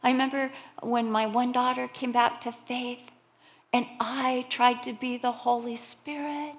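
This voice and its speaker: A middle-aged woman preacher delivering a sermon, telling stories animatedly and swinging between loud emphasis and hushed whispers. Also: fairly high pitch, little pitch movement, measured pace.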